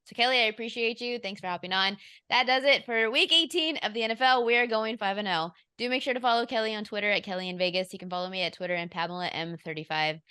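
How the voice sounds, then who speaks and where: A woman's voice: mid-range voice, fast, bright, forceful tone, smooth. A woman hosting a sports betting show, chatting casually about picks and laughing often.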